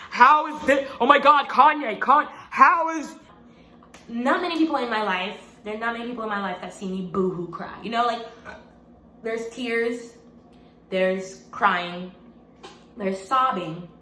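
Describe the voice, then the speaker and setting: Animated bright-voiced young woman storyteller. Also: on the high side. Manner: animated storytelling, rising into exclaims, repeats phrases. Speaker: vlogger. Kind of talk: storytime testimony. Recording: echoey room, faint background hum.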